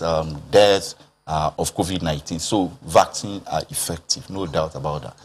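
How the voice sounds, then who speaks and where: A man with a Nigerian accent speaking as a health expert on a TV panel, measured and explanatory, with "um" and "uh" hesitations. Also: low-pitched. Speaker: public health expert guest. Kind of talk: TV panel discussion.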